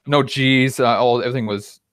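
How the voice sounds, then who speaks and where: A man hosting a casual interview chat, chatty and rambling, quick to laugh. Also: mid-range voice, fairly even intonation, fairly bright tone, clear, resonant tone, dry recording, studio quality. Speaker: podcast host.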